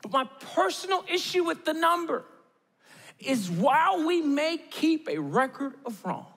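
A man's voice: very high voice, big pitch swings, unhurried, vocal fry, a bit bright, long reverb tail. A man preaching a sermon in a conversational way, with joking asides and quotes he acts out. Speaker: pastor.

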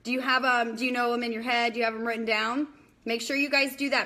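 Woman, young adult, fairly high voice, chatty, scattered, live-stream host. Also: fairly even intonation, quick pace, sharp tone. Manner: chatty, scattered, talks to commenters by name. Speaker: direct sales consultant hosting a live bingo game. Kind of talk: casual live-stream chat to viewers.

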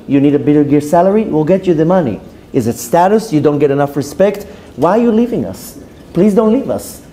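A man's voice: fairly high pitch, mellow. A man, a rabbi giving a sermon that tells a story and acts out the dialogue of its characters in shifting voices. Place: women's institute classroom.

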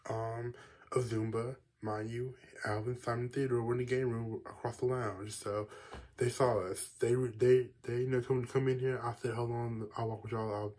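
A young man spins a casual story for his viewers, his voice husky and rough-edged at an ordinary middle pitch. He rambles, doubles back on himself, and keeps throwing in asides. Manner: rambling and animated, with frequent asides and restarts. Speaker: vlogger.

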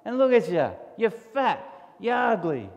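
A man's voice: sits high, big pitch swings, unhurried, gravelly, a little mellow, in a large hall, lo-fi sound, pitched above the performer's own voice, exaggerated voice. A man voicing a nasty little male black beetle who mocks and taunts in a raised, jeering voice. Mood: taunting. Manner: taunting, mocking.

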